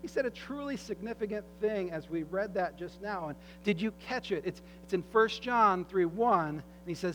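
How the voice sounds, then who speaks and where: A man preaching a sermon, telling a story with dramatic voiced quotes that swing from loud to soft. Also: high voice, lively intonation, moderate pace, hardly any pauses. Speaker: pastor. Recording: faint mains hum, long hall reverb.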